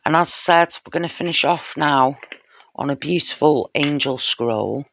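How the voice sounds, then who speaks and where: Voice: medium pitch, moderate pace, gravelly, a bit bright, slight background noise. A tarot reader giving a casual spoken reading straight to the viewer, heartfelt and intimate, often checking in with "you know" and "yeah?".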